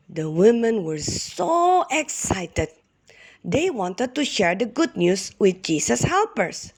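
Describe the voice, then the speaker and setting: A woman teacher reading a Bible story aloud to kindergarten children, expressive and asking them questions. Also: mid-range voice, slow. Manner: expressive, addresses the children directly.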